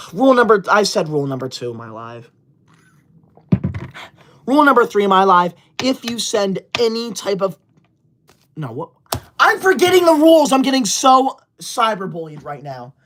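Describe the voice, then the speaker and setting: Playing a prickly, self-important young streamer in a parody livestream skit, a man in his twenties reads super chats with whiny indignation and shouts at viewers. His voice is high-pitched.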